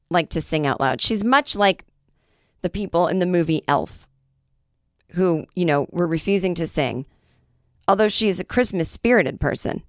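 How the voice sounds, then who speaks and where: In clean studio sound without echo, a podcast host with a fairly low, clear, resonant voice delivers a casual monologue. She jokes, swears and stays animated, though she's having some trouble breathing.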